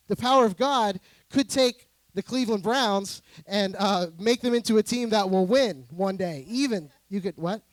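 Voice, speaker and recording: A man's voice: high voice, no echo. A male pastor giving a conversational, earnest sermon with touches of humor.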